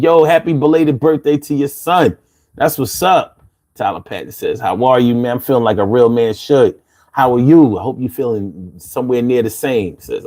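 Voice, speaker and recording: A man's voice: medium pitch, darkish tone. A man in his fifties from Philadelphia with a Philly accent, hosting a laid-back live chat, reading out comments and laughing often. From Philadelphia, USA. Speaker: livestream host.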